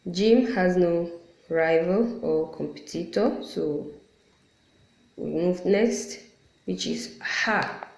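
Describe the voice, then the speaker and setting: A woman with a lowish voice gives an unhurried lesson, repeating each letter sound patiently to demonstrate it. Her voice rings in a roomy, echoey space. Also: mellow. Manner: apologetic asides. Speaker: Quran recitation teacher. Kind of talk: explanatory lesson. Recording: roomy echo.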